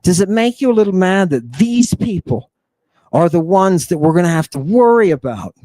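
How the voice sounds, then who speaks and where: A man's voice: sits high, no room sound. A man hosting an impassioned lecture, fiery and provocative, firing rhetorical questions at his listeners. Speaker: host and lecturer. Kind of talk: impassioned lecture on ancient texts.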